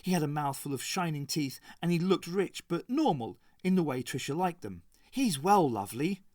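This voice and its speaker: A man's voice: fairly high pitch, moderate pace, darkish tone, no room sound. Man narrating a novel, dry and close. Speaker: audiobook reader. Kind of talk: scripted narration.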